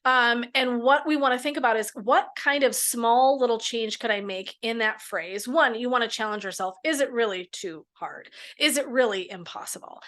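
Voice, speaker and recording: A woman's voice: on the high side, fairly bright tone. A middle-aged woman, a midlife coach and therapist, guiding listeners through a mindset exercise in a frank, casual way with the odd swear word. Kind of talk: coaching talk in a podcast.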